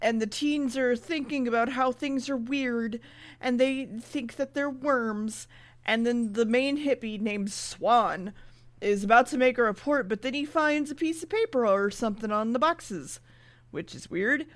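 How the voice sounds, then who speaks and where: A woman co-hosts a casual podcast, retelling a TV episode with plenty of swearing. Her voice sits a little high. She jumps into quick, playful voices for the characters she quotes. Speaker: podcast co-host recapping an episode. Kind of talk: casual chat.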